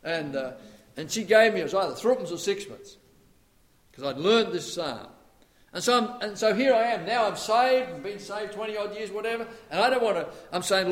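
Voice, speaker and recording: Male pastor with a high voice, preaches with rhetorical questions, loud then hushed. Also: normal speed. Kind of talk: sermon.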